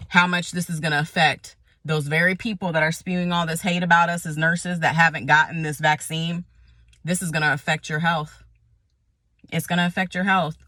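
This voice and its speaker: A woman speaks as a nurse in an impassioned vlog, frustrated and emphatic, hammering her points home by repeating them. Her voice is bright and forward. The sound is dry and close, with no room behind her. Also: sits low, dry recording. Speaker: nurse vlogger.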